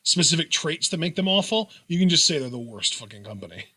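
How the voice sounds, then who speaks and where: A man's voice: fairly high pitch, big pitch swings, quick pace, bright, forceful tone, breathy edge. A man co-hosting a casual wrestling review podcast, giving blunt opinions. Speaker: podcast co-host.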